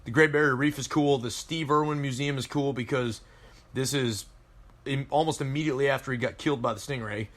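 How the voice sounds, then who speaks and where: A man in his thirties, a Marine veteran from Colorado, spins long, loose stories on a podcast. His voice sits at an ordinary middle pitch, and he talks in a casual, profane way as he wanders from one memory to the next. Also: steady tone, brisk, fairly bright tone. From Colorado, USA. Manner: rambling, profane war-story telling. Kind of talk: casual chat.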